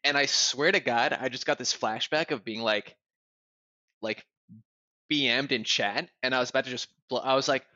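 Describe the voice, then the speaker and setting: A young man tells a heated story in loose, casual chat, with many "like" fillers and plenty of swearing. His voice is bright and forceful. The recording is dry and a little muffled. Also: mid-range voice, moderate pace, no room sound. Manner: animated, swears a lot, fillers like "like", bursts into loud yelling when reenacting.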